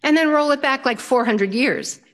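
An older woman telling a personal story in an animated way, often laughing as she talks. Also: high voice, moderate pace.

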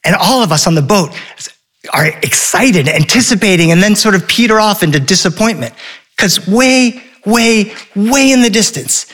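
A middle-aged man telling a personal story before a live audience, with a touch of wry humor. His voice sits a little high for a man, and he acts out the lines of the people in his tale. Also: normal speed. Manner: wry, animated, acts out quotes.

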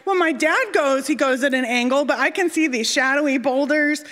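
Animated woman storyteller in a big hall. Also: sits high, normal speed. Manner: animated, self-deprecating, acts out voices. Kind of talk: live personal storytelling. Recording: long hall reverb.

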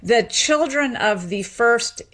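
A woman's voice: fairly high pitch, expressive, takes it slowly, a bit bright. Chatty woman explaining accents. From Memphis, Tennessee. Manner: chatty, explanatory, many fillers and little laughs. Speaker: sociolinguist guest. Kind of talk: interview answers.

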